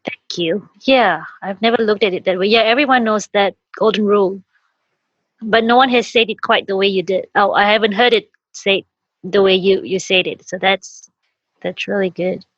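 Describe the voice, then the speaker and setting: A woman's voice: medium pitch, moderate pace, dry recording. A woman hosting an interview, responding in an encouraging, affirming way. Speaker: podcast host. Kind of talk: interview conversation. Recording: dull, dry lo-fi audio.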